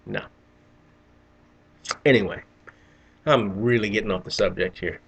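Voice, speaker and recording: A man's voice: lowish voice, brisk, fairly bright tone, husky. A middle-aged man telling a rambling, profane story in a casual vlog, often restarting his sentences. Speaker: vlogger.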